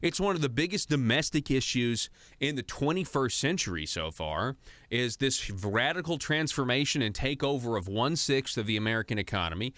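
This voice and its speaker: A man's voice: mid-range voice, a bit bright, no echo. A man from Arkansas hosting a political talk radio show, chatty and growing heated and emphatic, in a studio. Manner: conversational, grows heated and emphatic.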